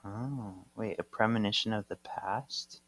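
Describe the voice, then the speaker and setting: Low-voiced man co-hosting a podcast, dry sound. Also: measured pace, dry recording. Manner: relaxed, jokey, trails off into murmurs. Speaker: podcast co-host. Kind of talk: casual chat recapping a comic.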